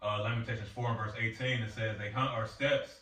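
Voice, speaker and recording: Man reading scripture, bright and echoey. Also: on the low side, steady tone. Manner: measured reading, occasional slips. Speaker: scripture reader. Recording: echoey, from far off.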